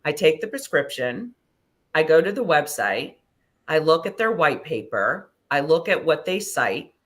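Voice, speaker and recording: A middle-aged woman, a guest on an interview show, telling personal stories in an animated way, swearing freely and acting out conversations. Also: sits low, measured pace. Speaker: guest, ascension teacher and hypnosis practitioner. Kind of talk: casual storytelling interview.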